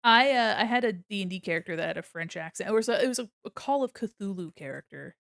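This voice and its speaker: A young woman chats on her stream as she draws, playful and quick to laugh, with a casual swear here and there. Her voice sits at a middle pitch and moves freely up and down. The sound is dry and close, with no room echo. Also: lively intonation, creaky, a bit bright. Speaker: streamer and illustrator. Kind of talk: casual chat while drawing on stream.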